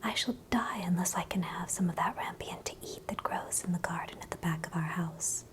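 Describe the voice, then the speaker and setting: A pale, pining storybook wife who longs for rampion, whispered by a woman in a whispered role-play. Her voice is a soft, unvoiced whisper, slightly low. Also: fairly quick, natural voice. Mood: longing.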